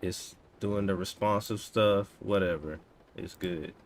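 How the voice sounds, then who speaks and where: Chill 30s guy coding on stream, low voice, slow easy talk, faint hiss behind. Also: fairly even intonation. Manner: laid-back, talks to himself, drawn-out slangy asides. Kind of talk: casual live-stream chat while coding.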